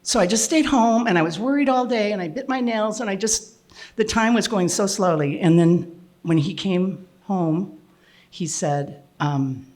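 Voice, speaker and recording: An older woman telling a personal story to an audience, with frequent restarts and throat clearing. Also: medium pitch, unhurried, darkish tone.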